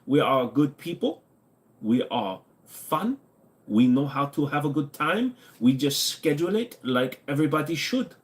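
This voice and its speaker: A man's voice: a little high, big pitch swings, unhurried. A man doing a smug mock-German guy. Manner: pompous, formal and clipped.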